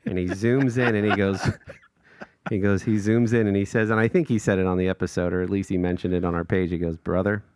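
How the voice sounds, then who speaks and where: A slight background noise sits under this man's low, brisk voice. As a podcast co-host, he animatedly recounts a casual story, laughing often and voicing quotes loudly.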